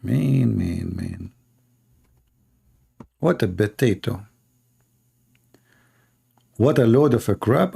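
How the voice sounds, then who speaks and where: A man's voice: on the low side, animated, slow pace, creaky, long pauses, darkish tone, slightly rough. A man from the Middle East whose first language is Arabic, speaking English with an Arabic accent. He hosts a call-in debate show and talks in a mocking, sarcastic, teasing way. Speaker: host, Christian apologist. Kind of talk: debate show talk with callers.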